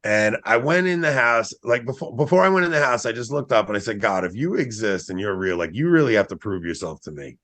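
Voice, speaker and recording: A man's voice: fairly low pitch, fast, hardly any pauses. A man in his forties telling a personal story in casual podcast conversation, acting out what he once said. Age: 40s. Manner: animated, acts out his own past quotes.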